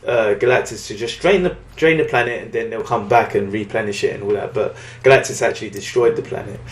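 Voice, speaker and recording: A British man recapping a comic book in casual chat, with lots of fillers, restarts and quick acted-out quotes. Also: lowish voice, echoey room. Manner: rambling recap with many fillers and restarts, acting out lines in quotes. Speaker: podcast co-host reviewing comics.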